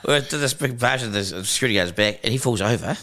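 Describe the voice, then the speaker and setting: A middle-aged man with a New Zealand accent telling stories on a casual podcast, animated, laughing often and acting out what people said. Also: medium pitch, quick pace. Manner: animated, laughing, acts out quotes. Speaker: guest broadcaster.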